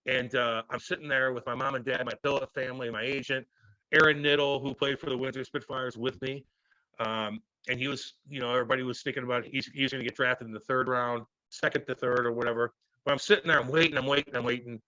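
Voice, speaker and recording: A man in his thirties, a former hockey player, telling stories loudly and profanely in a casual interview. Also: mid-range voice, fast, no room sound, muffled recording. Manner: loud, profane, animated storytelling.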